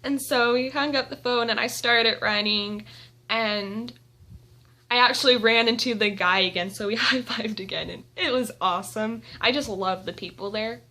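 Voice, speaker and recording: High, bright-voiced gushing young woman. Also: moderate pace. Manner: gushing, giggly fangirl storytelling. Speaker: vlogger. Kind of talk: excited casual storytelling. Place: indoors at home.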